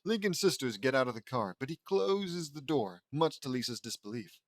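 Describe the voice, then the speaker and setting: A man's voice: mid-range voice, expressive, moderate pace, no echo. Chatty man reading a fan audiobook. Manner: chatty reading with offhand asides and laughs. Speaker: narrator.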